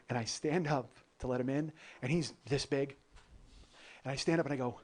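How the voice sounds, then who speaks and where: A man's voice: medium pitch, fairly quick. A man hosting a comedy podcast, telling a long travel story in a loose, profane way and often laughing at his own jokes. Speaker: podcast host.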